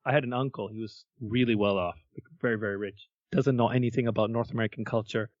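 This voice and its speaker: A man co-hosting a podcast, telling stories in a lively way, acting out what people said and swearing casually. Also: mid-range voice, no echo, highs cut off. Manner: animated storyteller who acts out quotes and swears casually. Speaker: podcast co-host. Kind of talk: casual chat, storytelling.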